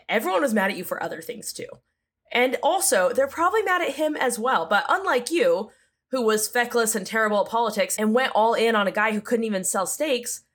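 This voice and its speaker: A woman's voice: fairly high pitch, a bit bright. A woman hosting a solo news podcast, sarcastic and exasperated, breaking into jokey asides as she rants about politics. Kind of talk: comedic solo news commentary.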